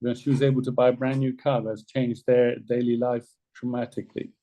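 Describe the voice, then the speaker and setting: Man, team leader on a video call, casual persuasive talk, repeats himself, warm mellow tone. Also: medium pitch, flat delivery, a little fast, low-quality recording. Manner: repeats words, loose conversational delivery.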